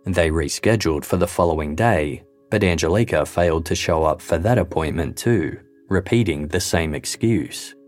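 A man giving scripted true-crime narration in a measured, even documentary delivery. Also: low-pitched. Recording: faint music bed underneath.

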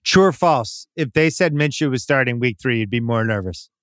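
A man's voice: medium pitch, animated, normal speed, fairly bright tone, smooth, no room sound, clean studio sound. A man co-hosting a casual sports podcast, talking bluntly and swearing freely. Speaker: podcast co-host.

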